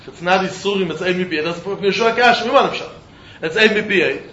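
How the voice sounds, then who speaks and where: A man teaching a Talmud lesson, animated, often repeating words as he thinks and breaking into laughs. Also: high voice, fast. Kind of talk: Talmud study lecture. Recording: roomy, muffled recording with faint background noise.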